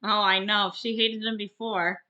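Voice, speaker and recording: A woman's voice: mid-range voice, flat delivery, a little slow, sharp tone, dull audio. A woman co-hosting a casual news chat with her husband, giving dry, teasing replies. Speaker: co-host.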